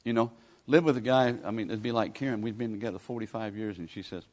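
A man's voice: lowish voice, fast talker, few pauses, darkish tone. A man, preaching a sermon in a folksy, pleading, conversational way as a guest preacher. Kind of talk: sermon with altar call.

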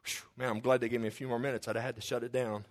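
A man preaching a sermon in a lively, conversational way, with humorous asides and acting out the figures in the story. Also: medium pitch, rapid-fire.

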